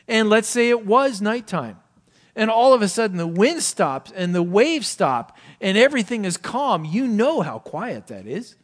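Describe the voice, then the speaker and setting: Higher-voiced male pastor, loud to hushed. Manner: swings from loud emphasis to hushed, low asides; asks many rhetorical questions. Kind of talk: sermon.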